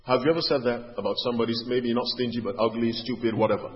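A man preaching a sermon, dropping to quiet asides and then rising to loud, pleading questions. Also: mid-range voice, steady tone, fast. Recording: dull audio with long hall reverb.

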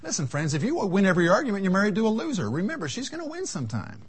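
A man preaching a seminar sermon, telling folksy stories from his marriage and acting out the voices in them, with a husky voice. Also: high voice, huge pitch swings, very fast. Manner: folksy storytelling, voices the Lord and his wife. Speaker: seminar speaker. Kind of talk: sermon with acted anecdotes.

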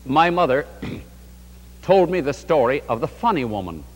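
Before a large congregation in a hall with big-room sound, a New York State man delivers a sermon. His slightly high voice is sing-song at normal speed, fervent and rising and falling.

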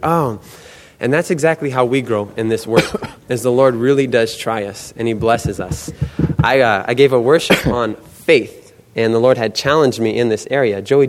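Young man telling stories in a reverberant hall. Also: medium pitch. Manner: animated storytelling, acts out quoted voices. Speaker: student book canvasser. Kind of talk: testimony talk.

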